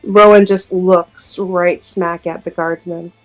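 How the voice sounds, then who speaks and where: A woman playing a character in a tabletop game, speaking in a quiet, tentative way. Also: on the low side, little pitch movement, takes it slowly, faint music behind, poor audio. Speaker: player.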